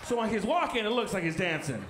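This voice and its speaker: Animated young male stand-up comic. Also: high voice, fast talker. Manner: animated, acting out family members. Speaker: stand-up comedian. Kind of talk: stand-up comedy. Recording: echoey room with background noise.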